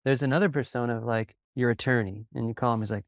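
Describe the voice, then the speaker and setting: A man speaks as a guest on a podcast, telling stories in a calm, unhurried way. His voice has a gravelly, fried texture at a middle pitch. The recording is close and dry. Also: dry recording. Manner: calm, even delivery with quick bursts of storytelling. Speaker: sales coach and podcast guest. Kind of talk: conversational interview.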